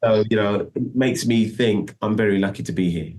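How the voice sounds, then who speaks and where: A man's voice: on the low side, normal speed, a little mellow. A middle-aged man telling a long story in a casual interview, rambling and restarting often. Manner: rambling, full of restarts and "do you know what I mean". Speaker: guest musician.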